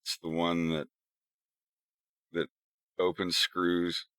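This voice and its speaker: A man's voice: low voice, monotone, slow, fairly bright tone, clear, resonant tone, dry recording, clean studio sound. A man streaming his animation work, rambling casually and laughing easily. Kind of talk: casual live-stream chat.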